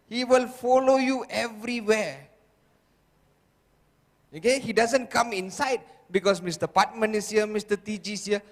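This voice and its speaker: A man giving a motivational seminar talk who keeps firing rhetorical questions at the audience. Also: high-pitched. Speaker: motivational speaker. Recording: long reverb of a large hall.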